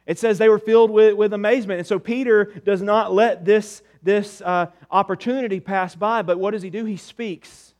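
A man with a high voice preaches to his congregation. He asks rhetorical questions and drops soft and low on the words he wants to land. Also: steady tone, fairly quick, few pauses. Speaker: pastor. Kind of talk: sermon.

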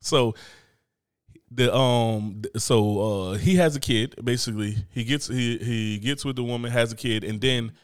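A man's voice: medium pitch, measured pace, clear, resonant tone, no room sound, clean studio sound. A man co-hosting a podcast in loose, profane comic chat, often acting out other people's voices. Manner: animated, profane, acts out voices. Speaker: podcast co-host. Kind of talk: casual comedic chat. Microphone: studio mic, close.

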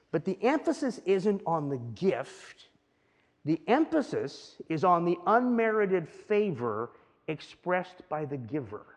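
Man preaching in a reverberant hall. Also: high-pitched. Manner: conversational, keeps asking "right?". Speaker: pastor. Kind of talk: teaching sermon.

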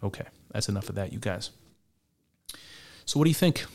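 A man's voice: fairly low pitch, animated, a little fast, vocal fry. A man giving casual spoken commentary on clips, argumentative and wry, with frequent restarts and mock laughter.

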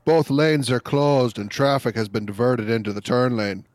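Deadpan man reading out posts. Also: medium pitch, normal speed, dry recording. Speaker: podcast co-host. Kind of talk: casual chat.

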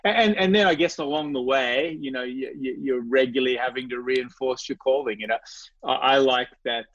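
A man's voice: mid-range voice, fairly quick, fairly bright tone. A man as an interview guest telling a personal faith story, earnest and reflective, often restarting and repeating his words. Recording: dry, slightly dull recording.

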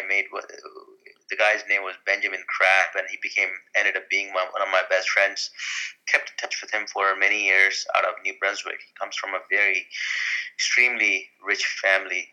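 A man talking about his career and friendships in a relaxed interview, chatty with frequent fillers. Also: low voice, normal speed, rough recording. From Canada. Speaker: interview guest. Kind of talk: casual conversation.

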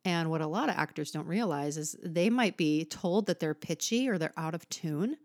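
A woman's voice: deep voice, animated, moderate pace, no room sound, clean studio sound. A woman singing teacher explaining vocal technique to viewers in a patient, explanatory way, posing rhetorical questions.

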